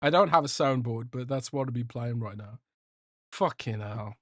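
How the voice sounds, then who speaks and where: A man's voice: mid-range voice, normal speed, fairly bright tone, no room sound, clean studio sound. A young man hosting a casual livestream podcast, joking and rambling as he reads out chat. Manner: rambling, joking, swears a lot, trails off. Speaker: podcast host reading live chat.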